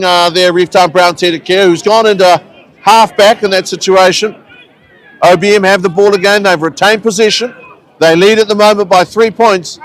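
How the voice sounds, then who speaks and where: A New man calls a local rugby match from the ground, his voice pitched high and his delivery easygoing and conversational. He mixes play-by-play with friendly local asides. A faint crowd murmurs behind him outdoors. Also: fairly bright tone, rough recording. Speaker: rugby commentator. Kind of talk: live sports commentary.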